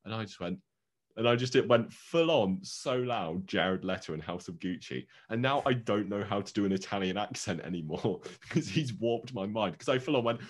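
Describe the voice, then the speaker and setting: A man co-hosting a podcast in casual chat, with a bass voice, teasing and laughing often. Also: expressive, normal speed, husky. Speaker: podcast co-host.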